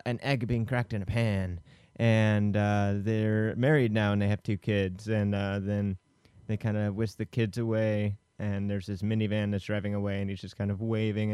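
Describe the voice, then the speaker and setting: Podcast co-host, male, low mellow voice, loose rambling plot recap, close dry mic. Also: smooth, no echo. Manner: rambling, filler-heavy retelling of a film plot. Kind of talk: casual film podcast chat.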